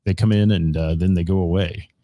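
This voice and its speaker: A man's voice: deep voice, fairly even intonation, a little fast, warm tone, dry recording. A middle-aged man hosting a live-streamed radio show, rambling casually with lots of fillers as he greets viewers by name. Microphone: studio mic.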